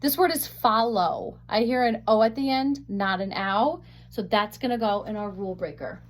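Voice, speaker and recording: A woman teaching a phonics lesson, sounding out words slowly and carefully on a webcam microphone. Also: medium pitch.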